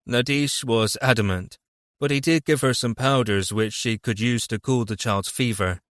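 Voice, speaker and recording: A man narrating a fantasy audiobook in a steady, even reading voice. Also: mid-range voice, normal speed, no room sound, studio quality. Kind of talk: scripted narration.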